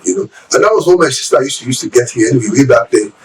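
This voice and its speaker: A middle-aged Nigerian man with a Nigerian accent, telling his life story as an interview guest, animated and acting out the voices of people he quotes. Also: medium pitch, fast, recorded from a distance, slight background noise, low-quality recording. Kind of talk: casual storytelling.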